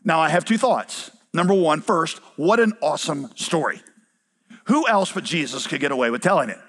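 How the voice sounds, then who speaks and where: A middle-aged man preaching a sermon to his congregation, lively, with acted-out quotes and rhetorical questions. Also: a little high, normal speed. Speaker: pastor.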